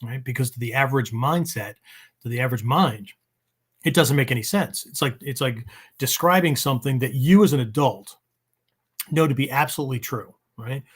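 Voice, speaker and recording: A man's voice: mid-range voice, normal speed, fairly bright tone, slightly rough. Rambling man hosting a podcast. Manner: rambling, frequent "right?" check-ins. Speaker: podcast host. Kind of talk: casual spoken podcast monologue.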